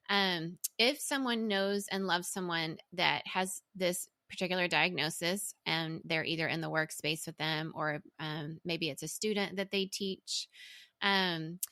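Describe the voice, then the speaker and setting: A woman's voice: on the low side, no room sound. A woman hosting a podcast interview, offering supportive affirmations and asking thoughtful, careful questions. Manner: supportive, frequent soft affirmations. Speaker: podcast host. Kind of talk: interview host.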